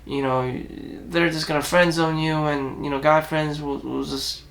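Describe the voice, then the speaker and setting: A man with a gravelly, raspy voice and a fairly high pitch for a guy. He rambles through a self-reflective monologue in a blunt, profane way. He stops and restarts his sentences often. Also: little pitch movement, a bit bright. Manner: halting, with frequent restarts and fillers. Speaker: self-help vlogger.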